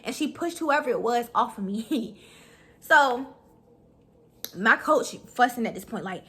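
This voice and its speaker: A young woman telling a story in a vlog, animated and profane, talking fast. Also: fairly high pitch, breathy edge. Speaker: vlogger.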